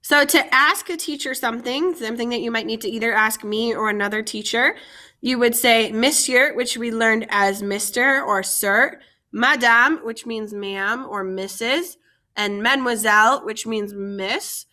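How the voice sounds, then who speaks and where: A woman's voice: a little high, a little slow, bright, forceful tone. A woman French teacher giving a vocabulary lesson, carefully modeling each French phrase and then explaining it in English.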